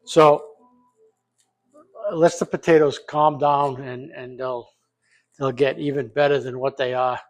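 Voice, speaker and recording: A man's voice: mid-range voice, flat delivery, unhurried, long pauses. An older man hosting a casual home cooking vlog from his kitchen, talking off the cuff with plenty of profanity and jokes. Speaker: home cook, vlog host.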